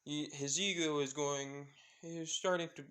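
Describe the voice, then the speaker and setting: Calm mild shopkeeper , voiced by a male storyteller, reassuring, plain delivery. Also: fairly high pitch, measured pace.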